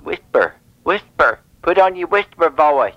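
A man playing a fussy prank caller with sensitive ears, insisting in a deadpan tone on a radio crank call. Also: fairly high pitch, unhurried, dry recording, muffled recording. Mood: insistent.

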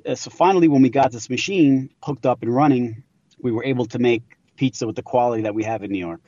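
A man who runs a pizzeria explains things briskly in an interview. He talks fast, and the audio is dry and a bit dull. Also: mid-range voice, mellow, no echo. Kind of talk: interview answers.

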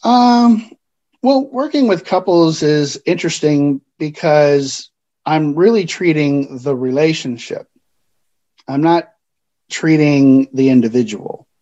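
A man working as a counselor, explaining things in a calm, measured way during a podcast interview. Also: fairly high pitch, dull audio.

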